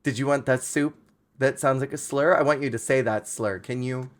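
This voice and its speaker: A man's voice: mid-range voice, moderate pace, lightly acted. A man putting on a pushy restaurant waiter who mocks and needles a customer. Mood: taunting. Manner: mocking, needling.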